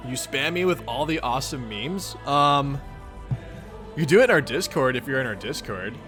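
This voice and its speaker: A man's voice: medium pitch, lively intonation, moderate pace, music in the background. A young man with a Midwestern accent, hosting a livestream and greeting viewers in a playful, goofy, upbeat way. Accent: Midwestern American. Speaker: livestream host reading a webcomic.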